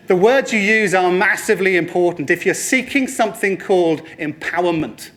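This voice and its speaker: A man giving a lively motivational presentation to a room, addressing the audience and slipping into other people's voices for quoted lines. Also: high-pitched, brisk, hardly any pauses. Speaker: speaker at a training talk.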